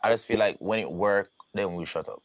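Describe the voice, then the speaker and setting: A Jamaican man interviewing an artist in a relaxed conversation. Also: on the low side, a little fast.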